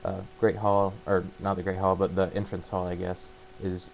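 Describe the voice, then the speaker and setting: Man with a low, even delivery, casually retelling a story; stumbles and restarts often. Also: vocal fry, slight background noise, rough recording. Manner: halting, full of fillers and restarts. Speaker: book summarizer. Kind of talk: casual spoken plot retelling.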